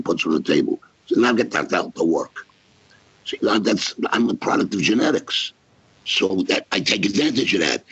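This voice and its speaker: A brash man with a very low, husky voice tells wrestling stories with swagger and heavy emphasis. He talks like a guest holding court in a casual interview. The audio sounds dull and lo-fi. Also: a bit bright, no echo.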